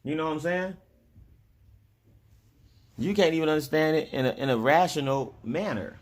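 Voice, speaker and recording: A man with a fairly high voice speaks at normal speed in a casual vlog. His monologue to viewers wanders loosely, with frequent restarts and chuckles between points.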